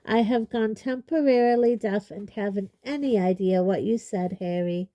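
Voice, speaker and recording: A woman voicing a very old, calm and kindly headmaster with a measured, gently dry manner in an audiobook. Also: medium pitch, natural voice. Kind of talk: audiobook character voice.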